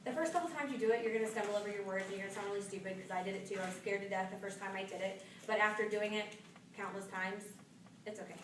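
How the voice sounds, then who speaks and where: A woman's voice: medium pitch, very fast. A woman giving a live sales training talk, chatty and upbeat, telling stories from her own work. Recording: echoey room from far off with noise.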